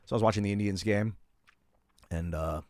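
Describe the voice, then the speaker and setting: On a live stream, a middle-aged man spins casual, meandering tales from his own life, peppered with filler words and curses. He speaks briskly in a lowish, slightly mellow voice, captured in clean studio quality with no room sound.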